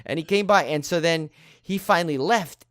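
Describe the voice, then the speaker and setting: A man's voice: fairly high pitch, moderate pace, no echo, clean studio sound. A man co-hosting a podcast, telling a story in casual chat and acting out the people in it. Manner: animated anecdote-telling, acts out quoted people. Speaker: podcast co-host.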